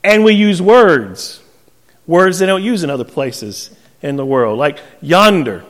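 High-voiced Southern pastor in a reverberant hall. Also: male voice, lively intonation, a little slow. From southern North Carolina. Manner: folksy, joking, laughs often. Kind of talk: sermon.

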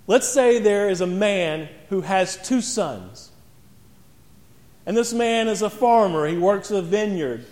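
High-voiced male pastor preaching in a church hall. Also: expressive, slow pace, darkish tone. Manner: storytelling, acts out voices in parables. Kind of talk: sermon. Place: church sanctuary. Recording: church sanctuary with long reverb.

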